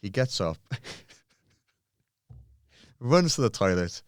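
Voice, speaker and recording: Deep-voiced man telling a story. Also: slow, smooth, no echo, clean studio sound. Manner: animated, swears often, acts out quotes. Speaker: podcast guest, bodybuilder. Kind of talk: casual storytelling.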